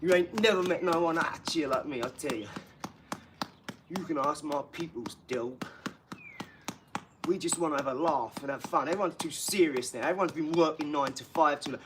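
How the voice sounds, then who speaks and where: A man's voice: a little high, expressive, normal speed, fairly bright tone, a little hiss or hum. A man who is a father, rambling and boastful in casual live-stream chat, mixing in street slang. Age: adult father.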